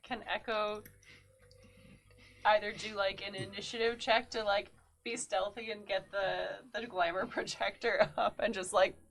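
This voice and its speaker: A woman's voice: medium pitch, fairly even intonation, measured pace, a bit bright, slight background noise. A woman player at a tabletop game, asking hesitantly and giggling. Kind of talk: casual chat at a game table.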